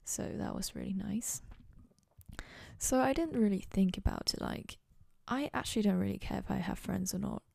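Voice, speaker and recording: A young adult woman whispers at a moderate pace in a mid-range, creaky, dark voice. She hosts her podcast alone from a dorm room, chatting casually and rambling with goofy self-mockery, recorded cleanly in a studio with no echo.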